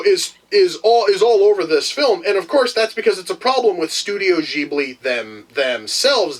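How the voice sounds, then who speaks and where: A man with a high-pitched voice talks through a movie review in a loose, unscripted way. He swears freely, stumbles and restarts his sentences, and gets audibly exasperated as he goes. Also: low-quality recording. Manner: profane, rambling, frequent restarts; animated, exasperated. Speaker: film reviewer. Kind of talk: casual spoken film review.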